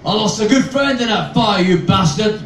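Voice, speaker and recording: An outraged, officious male transport worker shouts up high and loud, put on by a man reading aloud. He is indignant and bossy. The sound is roomy, caught from a distant mic. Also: expressive, normal speed, slight background noise. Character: irate middle-aged male transport official, fat and officious.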